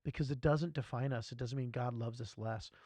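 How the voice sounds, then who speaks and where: A man hosting a casual church podcast discussion, animated and self-deprecating as he tells stories. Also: medium pitch, fairly quick, no room sound. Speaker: podcast host.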